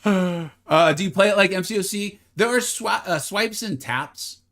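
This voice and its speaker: A man streaming a mobile fighting game live, chatting casually with his viewers, joking at his own expense, and sometimes slipping into a mock infomercial pitch. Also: measured pace, fairly bright tone. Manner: chatty, self-deprecating, bursts into mock infomercial hype. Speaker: gaming streamer.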